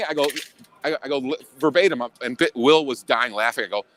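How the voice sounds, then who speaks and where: A man's voice: a little high, quick pace, fairly bright tone, a little hiss or hum. A man from Illinois talking in a casual chat as a podcast guest, blunt and profane, with many restarts.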